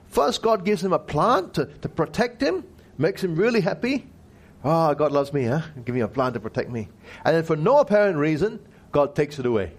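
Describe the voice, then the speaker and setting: Animated man teaching a Bible passage. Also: on the high side. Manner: asks the listeners frequent rhetorical questions; emphatic, slows down to stress key words.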